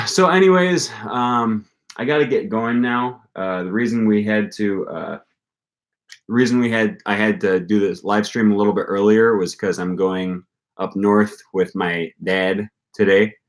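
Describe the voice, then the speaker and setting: A young man with a fairly low voice chats casually to his viewers on a livestream. He sounds upbeat and encouraging, and he wanders through his points with plenty of ums and uhs. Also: a little slow. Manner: upbeat, encouraging, rambling with fillers. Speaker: language-learning channel host.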